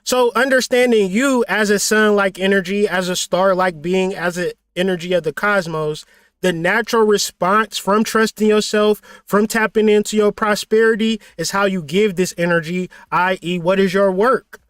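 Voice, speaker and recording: A man's voice: high voice, steady tone, normal speed, a bit bright, clear, resonant tone, dry recording, clean studio sound. A man hosting a motivational livestream talk, blunt and profane, preaching with rhetorical questions. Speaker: spiritual teacher and channel host.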